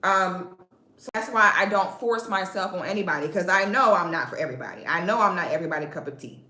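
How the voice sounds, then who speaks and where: A woman's voice: on the low side, sing-song, normal speed, roomy sound. A woman from Central Florida with a Southern accent, hosting a live stream and talking bluntly and sassily to her viewers with plenty of cursing. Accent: Southern American, Florida. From Central Florida, USA. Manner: sassy, profane, sharp comebacks.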